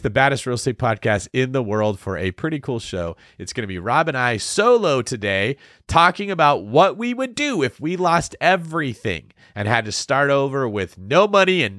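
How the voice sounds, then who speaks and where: A man hosting a podcast, energetic and playful, with a hype-filled delivery. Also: medium pitch, dry recording, studio quality. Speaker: podcast host. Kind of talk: lively podcast chat.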